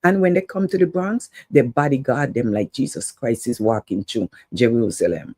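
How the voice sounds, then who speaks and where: A woman's voice: extremely low pitch, moderate pace, hardly any pauses, dark tone, breathy edge, dry recording. A woman hosting an online talk show, giving an urgent, preachy monologue to her viewers and calling out some of them by name. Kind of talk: impassioned political monologue to viewers.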